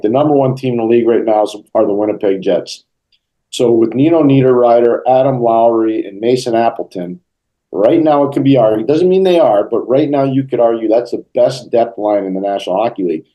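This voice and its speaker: A middle-aged man in an interview, telling lively stories and acting out the quotes. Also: mid-range voice, rough recording. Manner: animated storyteller, acts out quotes. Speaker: interview guest, hockey broadcaster. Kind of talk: storytelling interview answers.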